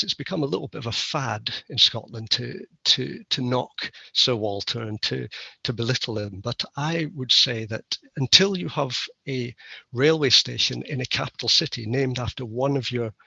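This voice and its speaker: A man delivers a conference keynote with a wry, self-deprecating manner. His voice is bright and edgy with a gravelly, husky grain. The recording is dry and somewhat muffled. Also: medium pitch, no room sound. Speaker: keynote speaker. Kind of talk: conference lecture.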